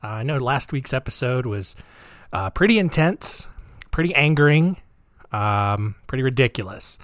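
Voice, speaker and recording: A man hosting a podcast, telling a dark story in a casual, rambling, joking way with many fillers. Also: medium pitch, sing-song, moderate pace, no echo, studio quality. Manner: rambling, jokey, lots of fillers. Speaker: podcast host.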